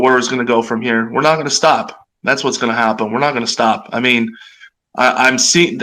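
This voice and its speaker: A man's voice: medium pitch, a bit bright, low-quality recording. A man hosting a live audio chat room, talking bluntly and passionately with frequent restarts. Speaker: host.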